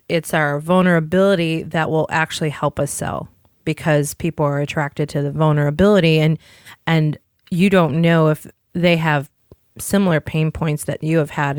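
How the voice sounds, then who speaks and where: A woman's voice: low-pitched, clean tone, no room sound, studio quality. A woman co-hosting a podcast, telling a long candid story in casual chat and swearing offhandedly. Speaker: podcast co-host.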